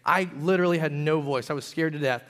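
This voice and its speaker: A pastor in his thirties preaches a sermon built around a personal story, swinging from loud, emphatic peaks to hushed, quiet confession. His voice is a little high, and he talks fast.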